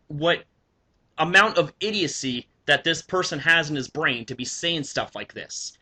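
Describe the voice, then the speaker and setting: A man's voice: on the high side, measured pace, pushed and bright. A young man in a vlog, ranting indignantly about screenshots, swearing often and stumbling through fillers and restarts. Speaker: YouTuber. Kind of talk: ranting commentary over screenshots.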